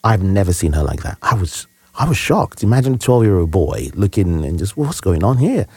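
A man, a guest telling a personal story in an earnest, halting, reflective way. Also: deep voice, very animated, darkish tone, breathy edge, no echo. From Nigeria. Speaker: interview guest.

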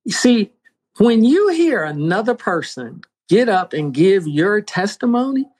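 A man giving a spoken faith testimony, emphatic, with big pitch swings and dramatic pauses. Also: sing-song, darkish tone. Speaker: guest sharing testimony.

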